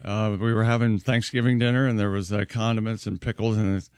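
A man's voice: lowish voice, little pitch movement, fairly quick, a little mellow, clear, resonant tone, no room sound, clean studio sound. A man co-hosting a radio show, joking and chatting casually.

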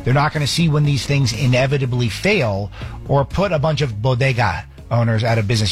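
A man hosting a talk radio show, giving opinionated commentary in a sarcastic, brisk way with frequent restarts. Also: mid-range voice, soft background music.

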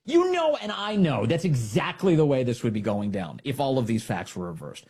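A man's voice: medium pitch, sing-song, moderate pace, darkish tone, husky. A man hosting a political commentary show, talking in a sarcastic, mocking and indignant way.

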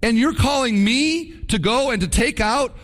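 A man's voice: sits high, very animated, unhurried, fairly bright tone, in a large hall, pitched above the performer's own voice, full character voice. A man voicing a whining, reluctant young farmer who pleads and complains.

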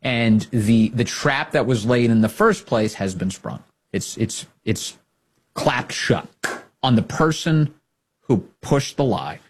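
A man's voice: mid-range voice, expressive, takes it slowly. A man hosting a political commentary show, talking in a sarcastic, mocking way.

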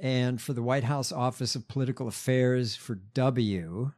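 A man's voice: mid-range voice, fairly even intonation, unhurried, a little mellow. A man co-hosting a casual chat, reading out background facts with hesitant fillers. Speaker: podcast co-host.

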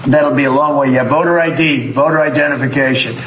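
A man's voice: mid-range voice, fairly even intonation, fast talker, fairly bright tone. Man making blunt punchy political claims, repeats himself, roomy echo with faint hum behind. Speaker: politician in a played clip. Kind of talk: political speech remarks.

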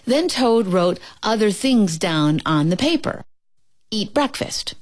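A woman narrating a children's storybook aloud, slow and expressive, with gentle pauses. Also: medium pitch, dry recording.

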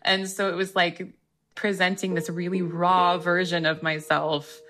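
A woman's voice: lowish voice, level tone, unhurried. A woman talking as a guest in a casual interview, chatty and peppered with filler words. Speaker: guest author.

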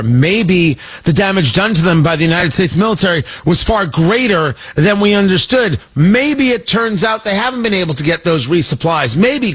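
A man's voice: high-pitched, a bit bright, slightly rough, low-quality recording. A man delivering an opinionated political monologue, sarcastic and emphatic, repeating points for effect. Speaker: political commentator.

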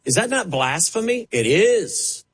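A man's voice: high-pitched, big pitch swings, a little slow, husky, rough recording. A man preaching a televised sermon with impassioned delivery and dramatic rises and drops in his voice.

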